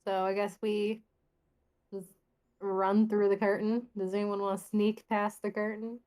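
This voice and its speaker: A woman playing in a tabletop game over a stream, teasing the others and quick to laugh. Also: mid-range voice, level tone, darkish tone, poor audio. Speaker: player.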